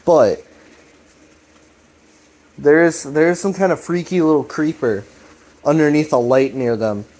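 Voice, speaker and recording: A video series host with a higher, darkish voice talks at a measured pace. His casual recap is laid-back and loose, full of swearing and restarts.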